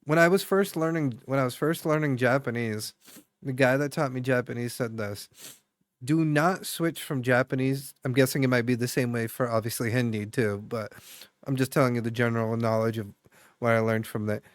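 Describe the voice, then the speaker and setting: A man's voice: mid-range voice, fairly even intonation, a little fast, dry recording, clean studio sound. A young adult man streaming, chatting casually with viewers in a rambling way full of fillers and restarts.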